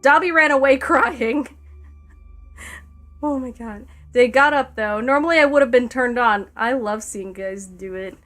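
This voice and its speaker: A woman's voice: fairly high pitch, a little slow, fairly bright tone, faint music behind. A woman streamer reading a fanfic aloud, breaking into laughter and wry asides between lines.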